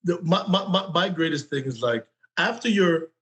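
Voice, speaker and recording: A man from Jamaica co-hosts a relaxed interview. His voice sits fairly high, and he asks long, winding questions in a playful tone. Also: normal speed. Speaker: co-host. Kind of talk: casual interview talk.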